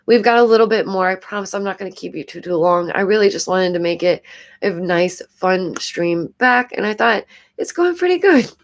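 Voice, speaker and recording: Host: New York-accented woman, lowish voice, stuffy nose, chatty live-stream commentary with frequent giggles. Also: moderate pace. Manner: chatty, repeats phrases, giggles often.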